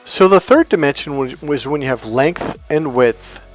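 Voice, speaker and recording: A man's voice: a little high, lively intonation, unhurried. Emphatic man telling stories, faint music. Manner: emphatic, storytelling, acts out quoted dialogue. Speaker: self-help coach. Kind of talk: spontaneous motivational monologue.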